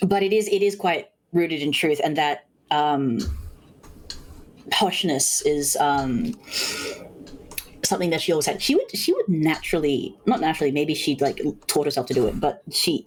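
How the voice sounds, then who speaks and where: A woman's voice: sits low, lively intonation, moderate pace, a little hiss or hum, poor audio. An Australian woman streamer in casual chat, hesitant with frequent ums. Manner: chatty, hesitant with many ums.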